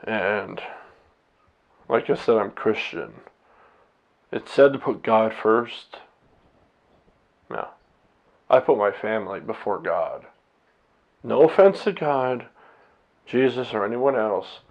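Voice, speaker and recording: Man, self-recorded vlogger; slow, blunt, profane rambling delivery; dull, muffled sound. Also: lowish voice, expressive, creaky. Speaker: vlogger, husband and father. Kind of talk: candid monologue to camera. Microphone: camera set up by himself.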